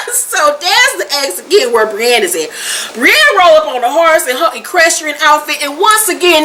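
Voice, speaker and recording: A woman's voice: high-pitched, sharp tone, a little hiss or hum. A woman giving a casual, slangy recap of a TV episode, laughing often as she talks. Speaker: TV show reviewer.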